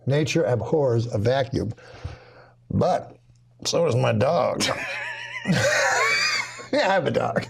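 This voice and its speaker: A man's voice: mid-range voice, lively intonation, slow pace, gravelly, long pauses, a little mellow, a little hiss or hum. A male co-host trading sardonic, playfully obtuse banter on a comedy show.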